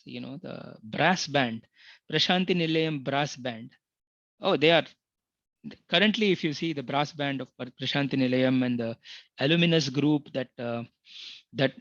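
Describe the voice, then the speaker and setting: A man's voice: fairly high pitch, fairly bright tone, dry recording, highs cut off. Middle-aged man sharing a rambling memory. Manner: rambling, many fillers and restarts. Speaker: devotee sharing a personal experience. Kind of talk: unscripted testimony talk.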